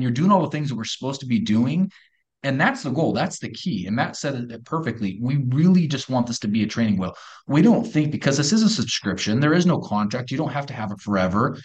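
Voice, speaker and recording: A man being interviewed on a podcast, pitching a product with emphatic, persuasive talk and rhetorical questions. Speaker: company co-founder pitching a product.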